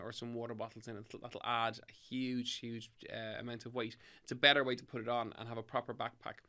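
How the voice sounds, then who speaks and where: A man's voice: medium pitch, creaky, pushed and bright. An Irish man hosting a health podcast, giving direct, motivational fitness tips in an upbeat coaching manner. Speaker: podcast host and fitness trainer.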